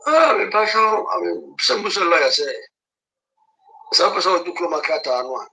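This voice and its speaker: A man's voice: on the high side, expressive, moderate pace, vocal fry, bright, forceful tone, low-quality recording. A man calling in with a question, hesitant and repeating words as he searches for them. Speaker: caller asking a question. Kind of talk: casual questioning.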